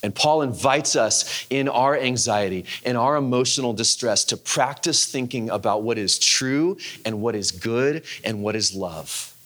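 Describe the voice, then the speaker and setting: A man's voice: mid-range voice, fairly bright tone. Male pastor, 30s. Candid, conversational sermon delivery. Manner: candid, conversational, halting with restarts.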